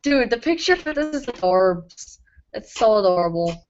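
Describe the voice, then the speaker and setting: Young woman, giggly and bossy, lively pitch, muffled lo-fi call audio. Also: a little hiss or hum. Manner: giggly, bossy, quick asides. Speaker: fanfic reader, co-host. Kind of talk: casual chat and reading aloud. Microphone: computer mic on a video call. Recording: muffled low-fi computer mic.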